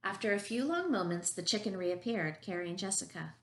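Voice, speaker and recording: A woman reading a picture book aloud at a children's story time as a preschool teacher, gentle and encouraging. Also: medium pitch, lively intonation, brisk.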